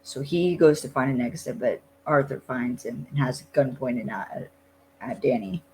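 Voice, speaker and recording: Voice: mid-range voice, normal speed, a little mellow, a little hiss or hum, low-quality recording. A podcast co-host in casual chat, retelling things loosely with many "like" fillers.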